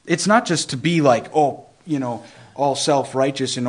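A young man giving an informal Bible teaching, earnest and conversational, often restarting phrases and slowing down to stress scripture. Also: medium pitch. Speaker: preacher.

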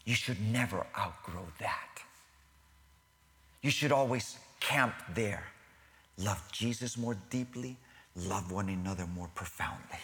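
A man with a lowish voice takes his time preaching a sermon to a congregation. He surges into animated bursts, sinks to near-whispers, and laughs in asides as he corrects himself.

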